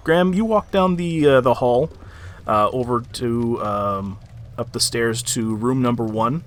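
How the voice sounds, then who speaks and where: A man's voice: mid-range voice, a little slow. A man narrating as game master of a tabletop game, rambling with many ums and likes. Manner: rambling, filler-heavy narration.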